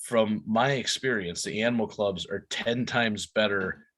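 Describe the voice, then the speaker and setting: Male co-host, low-ish pitch, bright edge, easygoing banter. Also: measured pace. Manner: chatty, riffs on the other host's stories. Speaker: podcast co-host. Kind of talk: casual chat.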